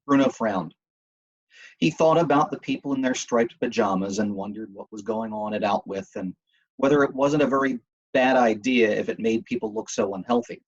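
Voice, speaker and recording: A man with a husky voice reading a novel aloud in a steady storytelling manner. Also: fairly low pitch, normal speed, lo-fi sound. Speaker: reader. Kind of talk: audiobook reading.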